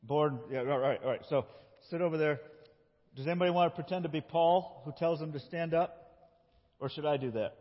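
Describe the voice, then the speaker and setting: Speaking briskly in a fairly high voice, a man gives a children's sermon in a church sanctuary, cheerfully directing kids as they perform a scripture story. The sound is dull and echoes through the big space.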